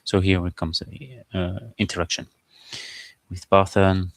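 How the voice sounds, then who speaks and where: A man as game master, talking through his game prep in a halting, informal, think-aloud way. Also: low voice, flat delivery, no room sound. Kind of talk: casual game prep screen-share.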